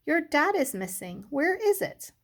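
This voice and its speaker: A woman voicing the capital letter T, a brisk teacher, in a storybook read-aloud. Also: on the high side, creaky. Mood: urgent.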